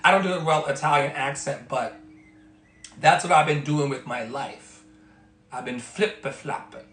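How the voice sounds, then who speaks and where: A man's voice: mid-range voice, a little slow, fairly bright tone. A man giving an emphatic motivational talk as a life coach, repeating his phrases like a preacher. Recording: echoey room with faint music.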